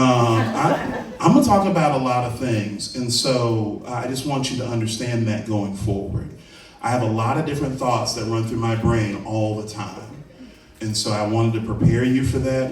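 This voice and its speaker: A man doing a stand-up comedy set as a comedian and trivia host, rambling, profane and self-deprecating, working the crowd. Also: mid-range voice. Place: comedy venue with a live audience. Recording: roomy venue mic from a distance, crowd noise. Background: audience laughter.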